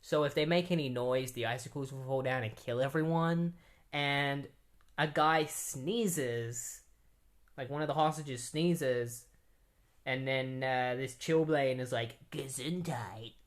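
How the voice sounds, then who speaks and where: A man's voice: mid-range voice, slow. A man casually recapping a comic book plot, rambling with many "like"s and "um"s. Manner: rambling, heavy use of "like" and "um".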